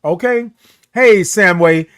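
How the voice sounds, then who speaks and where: A man hosting a casual morning livestream, animated and greeting viewers by name. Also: high voice, dry recording, clean studio sound. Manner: animated, sings out drawn-out good mornings.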